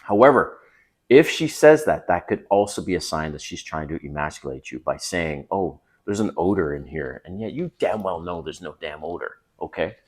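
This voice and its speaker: A middle-aged man giving casual dating advice in an animated, emphatic way, often checking in with his listener. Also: sits low, moderate pace, slightly rough.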